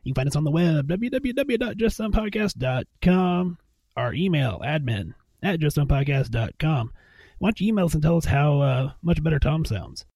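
A man's voice: a little high, animated, normal speed, mellow, dry recording. A man co-hosting a podcast, teasing his partner and reading out the show's links and plugs. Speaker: podcast co-host. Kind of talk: casual chat and show plugs.

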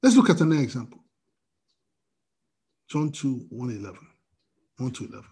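A man preaching a sermon as pastor, telling a personal story with acted-out dialogue and swings from loud to quiet. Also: medium pitch, big pitch swings, moderate pace, gravelly, slightly rough. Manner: storytelling with quoted dialogue, wide swings in loudness. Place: church service via video call.

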